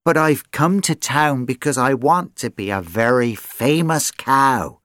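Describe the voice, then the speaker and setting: A storyteller voicing a young female cow who dreams of fame, in an earnest, bright way. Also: mid-range voice, lively intonation, a little slow, no echo, clean studio sound. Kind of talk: storybook read-aloud.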